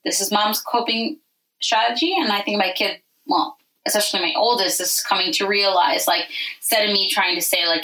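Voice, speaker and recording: Candid, bright-voiced mom chatting off-mic. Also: female voice, medium pitch, brisk, far from the mic, poor audio. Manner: candid, animated, swears freely. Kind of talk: casual chat.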